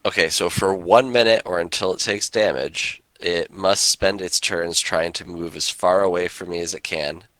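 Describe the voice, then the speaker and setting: A man's voice: low-pitched, moderate pace, few pauses, a bit bright, no room sound. A man playing a tabletop game, eagerly reading out the rules at length. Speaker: player.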